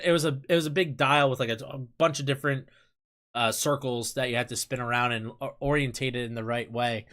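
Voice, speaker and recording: A man's voice: mid-range voice, a bit bright. A man hosting a casual livestream chat, rambling with lots of fillers, laughing and swearing as he talks. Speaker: streamer host.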